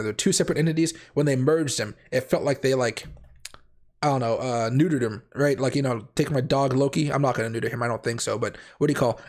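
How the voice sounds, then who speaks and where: Fast-talking raspy man with a cold. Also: mid-range voice. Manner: rambling, self-correcting, chatty. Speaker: crypto trading livestream host. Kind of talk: casual livestream chat.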